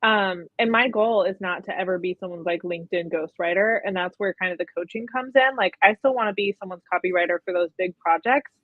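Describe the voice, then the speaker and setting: A young woman talks casually as an interview guest, her speech filled with "like" and "um". Her voice sits a little low. She comes through a thin, phone-like line that sounds very dry. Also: brisk, few pauses, no echo. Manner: chatty, frequent "like" and "um". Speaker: guest, personal brand coach. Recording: tinny phone-like audio.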